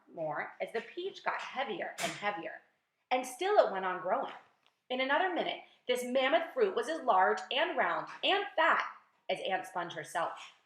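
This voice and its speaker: A woman teacher reading a children's book aloud with lively, expressive storytelling. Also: mid-range voice, a little hiss or hum. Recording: roomy echo.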